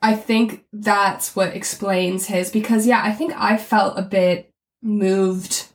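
A woman's voice: mid-range voice, steady tone, takes it slowly. A woman co-hosting a podcast, talking things through in a thoughtful, step-by-step way. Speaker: podcast co-host. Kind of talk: casual podcast discussion. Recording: roomy echoey recording.

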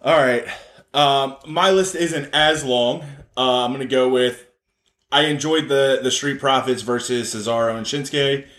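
Man, podcast co-host, hesitant, unhurried, mid pitch, echoey room. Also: fairly even intonation, fairly bright tone. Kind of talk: casual podcast chat.

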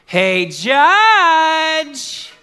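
A high, piercing, desperate widow calls out again and again for justice, as a preacher puts her on. The shouted pleas swing wildly in pitch. They ring through a big reverberant hall. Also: very animated, very slow, full character voice. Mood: demanding. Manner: shouting insistent demands. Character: desperate persistent widow woman pleading loudly. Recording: long reverb of a large hall.

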